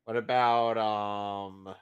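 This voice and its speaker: A man's voice: on the low side, flat delivery, drawn-out words, clean tone, dull audio. A man hosting a casual movie riffing session, firing off sarcastic, mock-exasperated quips.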